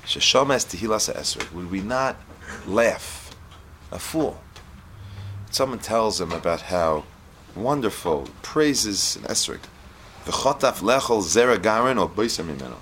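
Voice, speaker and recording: A man giving a storytelling Torah lesson, reading Hebrew lines and explaining them in English, with lively character voices. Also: fairly low pitch, a little hiss or hum.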